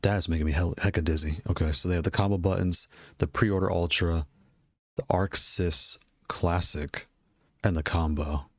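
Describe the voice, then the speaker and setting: With a deep, slightly bright voice and fairly even intonation, a gaming hardware creator casually discusses game controllers as he browses at a moderate pace. He wanders off topic, says things twice, and laughs frequently; the studio sound is clean with no echo.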